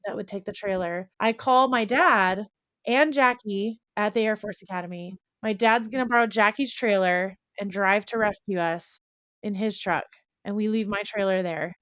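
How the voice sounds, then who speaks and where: A young woman in a podcast conversation, spinning out a long story with lots of "like" and quick restarts. Her voice sits at an ordinary middle pitch, and the dry, close sound carries almost no room echo. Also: clear, resonant tone. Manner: animated, rambling storytelling full of "like". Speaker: podcast guest or co-host. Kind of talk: casual storytelling chat.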